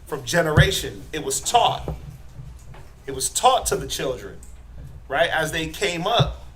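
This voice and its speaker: A middle-aged man teaching a Bible class, quizzing his students and tagging his points with "right?", building to forceful emphasis. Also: on the high side, very animated, a little slow, noisy background. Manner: asks the class questions, tags lines with "right?".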